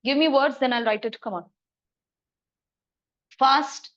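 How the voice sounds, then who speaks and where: Brisk woman teacher. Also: sits high, fairly bright tone, highs cut off. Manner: brisk, coaxing, quizzes students. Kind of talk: classroom grammar lesson. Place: classroom.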